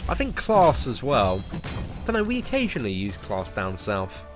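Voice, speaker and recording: A young man with a southern English accent chats loosely during a live stream, stumbling over restarts and dropping casual slang. His pitch swings up and down with plenty of life, and faint music plays behind him. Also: huge pitch swings, normal speed. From Surrey, southern England. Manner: rambling, stammering restarts, chatty slang. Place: parents' garden, outdoors.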